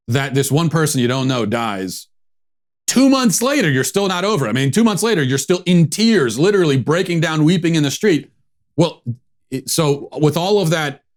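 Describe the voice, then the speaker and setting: A man hosting a political commentary show, sarcastic and dismissive in a conversational way. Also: medium pitch.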